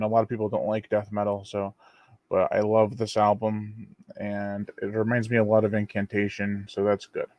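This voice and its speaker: A man's voice: medium pitch, dry recording. A man hosting his own channel, chatting casually through an unboxing and reading viewer comments on a live stream. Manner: rambling and relaxed, reads viewer comments aloud. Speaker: channel host.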